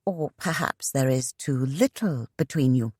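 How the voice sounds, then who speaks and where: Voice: medium pitch, animated, a little slow, a little mellow, husky, no echo, clean studio sound. A narrator voicing a determined young woman who questions a man with open suspicion. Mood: probing. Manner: pointed, probing.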